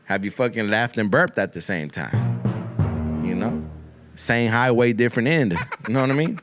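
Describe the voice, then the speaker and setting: A man's voice: mid-range voice, normal speed, music in the background. A man hosting a podcast, rambling through a crude comic monologue full of swearing and Spanish slang, often repeating himself. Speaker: podcast host.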